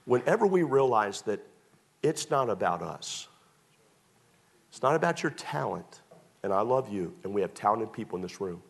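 A male pastor preaching a sermon through personal stories, swinging between loud excited bursts and hushed confessions. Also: on the low side, normal speed, gravelly, pauses often, husky.

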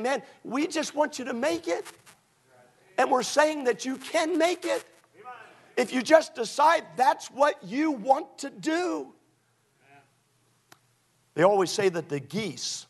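A man with a high voice preaches from the pulpit as pastor, dropping low and quiet for stories and climbing into loud, shouted calls to his congregation. His delivery swings widely in volume and force. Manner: builds from low storytelling to shouted exhortation. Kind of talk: sermon.

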